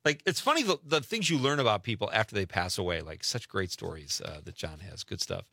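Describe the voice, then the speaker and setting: A man's voice: deep voice, lively intonation, a little fast, creaky, sharp tone, slightly rough, no room sound, studio quality. A middle-aged man from Wisconsin hosting a call-in radio show, chatting casually and laughing often as he reads out listener messages.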